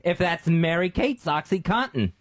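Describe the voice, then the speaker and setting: A man's voice: a little high, lively intonation, normal speed, dry recording. A man co-hosting a radio talk show, chatting casually and giggling often as a sidekick. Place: radio studio.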